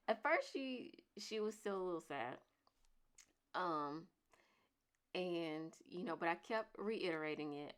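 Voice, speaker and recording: A woman in her thirties talks straight to her viewers in a relaxed, chatty vlog. Her voice sits a little low, and she leans hard on her points, repeating them with force. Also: clean tone. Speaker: vlogger. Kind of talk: casual chat to camera.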